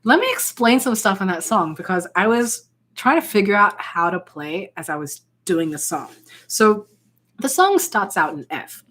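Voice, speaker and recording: A woman's voice: medium pitch, fairly bright tone. A woman giving a casual ukulele lesson, rambling and restarting often, with many fillers as she explains chords. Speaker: ukulele tutor. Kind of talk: casual music tutorial. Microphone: ukulele played alongside.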